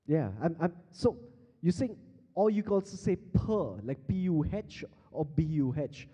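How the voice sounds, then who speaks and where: This beatbox teacher's voice is a little high, warm and husky, animated yet a little slow, and the audio sounds dull. He's on a large conference hall stage running a live workshop, playfully quizzing the audience through a handheld mic and laughing frequently amid long PA reverb.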